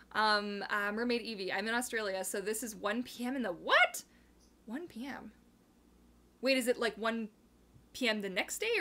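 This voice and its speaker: A young woman from Canada hosting a casual live chat, bubbly and rambling, reading viewer comments aloud and breaking into quick laughs. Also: medium pitch, fairly bright tone. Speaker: livestream host.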